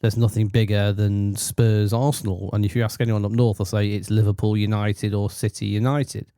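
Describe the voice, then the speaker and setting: A man's voice: fairly low pitch, flat delivery, moderate pace, dark tone, clear, resonant tone, no room sound, studio quality. A middle-aged man co-hosting a casual podcast debate, teasing and quizzing his son. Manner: teasing, quizzing, talks over others. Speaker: podcast co-host, dad.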